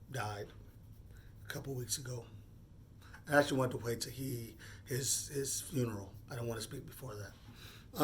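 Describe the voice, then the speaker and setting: Earnest man in his forties, thinking aloud. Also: medium pitch. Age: 40s. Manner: earnest, halting, repeats words while thinking. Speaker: vlogger. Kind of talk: unscripted personal monologue.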